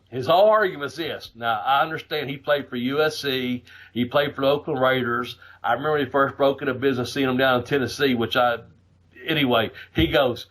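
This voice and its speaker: A man hosting a podcast, telling a road story in a casual, profane, animated way, laughing as he goes. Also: mid-range voice, a little fast. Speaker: podcast host.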